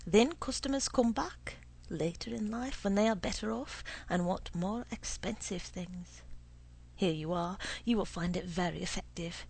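Sly, suave old potion seller read by a woman, gravelly and husky, unhurried storybook delivery. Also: mid-range voice, a little mellow. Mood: knowing. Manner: slow, suave, insinuating.

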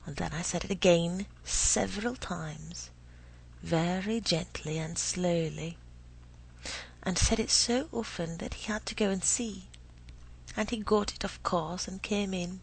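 A woman's voice: fairly low pitch, a little slow, gravelly, breathy edge, low-quality recording. A woman giving a dramatic reading of a first-person story, often sinking into an unvoiced whisper, with an unsettled, feverish delivery. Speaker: reader.

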